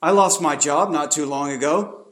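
A man's voice: fairly high pitch, moderate pace, a bit bright. A man preaching a sermon, emphatic and pressing his listeners with repeated rhetorical questions.

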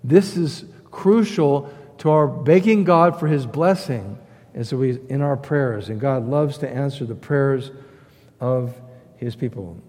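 A pastor preaching a sermon, emphatic, repeating key phrases and swinging between loud stresses and quiet asides. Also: male voice, mid-range voice, slow pace. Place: church sanctuary. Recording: long hall reverb.

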